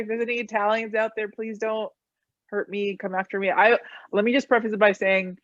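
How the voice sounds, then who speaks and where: A woman's voice: mid-range voice, normal speed, no room sound. Dry-toned woman comedian on a dull line. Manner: crude, deadpan jokes. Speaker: comedian guest. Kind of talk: casual comedic chat.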